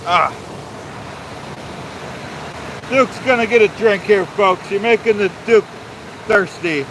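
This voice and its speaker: A man livestreaming on a phone outdoors by a waterfall, with a high voice. He is pompous and mock-authoritarian, refers to himself in the third person and hammers the same points again and again. A faint outdoor hiss runs underneath. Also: slow. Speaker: livestream host. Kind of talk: live-streamed rant reading chat.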